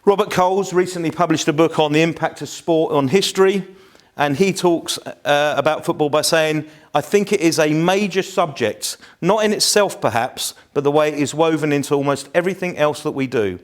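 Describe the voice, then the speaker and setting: A man's voice: a little high, moderate pace. A man in his fifties with a South East London accent, giving a chatty, anecdote-filled live lecture to a room. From England. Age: 50s. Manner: chatty, anecdotal, self-deprecating.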